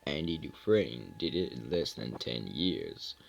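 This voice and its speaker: A man doing an impression of a weary older inmate telling a story slowly and evenly. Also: rumbling low, very animated, vocal fry, slightly rough, pitched below the performer's own voice, full character voice, rough recording. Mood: reflective. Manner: slow measured storytelling.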